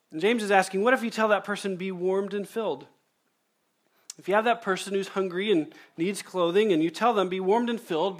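Emphatic man preaching a sermon. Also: high-pitched. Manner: emphatic, repeats key phrases. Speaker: pastor.

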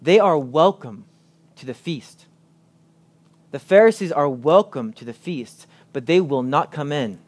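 A man preaching a sermon, reading scripture aloud and stressing points with emphatic pauses. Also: a little high, lively intonation.

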